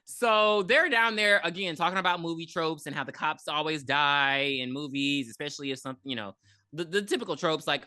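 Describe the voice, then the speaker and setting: A woman's voice: sits low, brisk, sharp tone, no echo, clean studio sound. A woman co-hosting a podcast, retelling a movie in a rambling, profane way with lots of ums and acted-out quotes. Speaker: podcast co-host. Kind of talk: casual movie recap chat.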